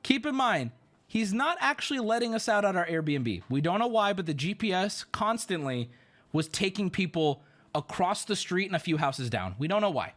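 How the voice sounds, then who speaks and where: A man who streams, telling a story in an animated, exclamatory way with swearing. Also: high-pitched, normal speed. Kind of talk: casual storytelling.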